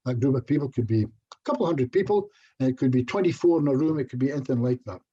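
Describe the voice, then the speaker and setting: A man's voice: medium pitch, expressive, fast, dark tone, breathy edge, dull audio. A middle-aged Scottish man giving a casual online presentation as a hypnotherapist, chatty and self-deprecating, with little jokes. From Scotland.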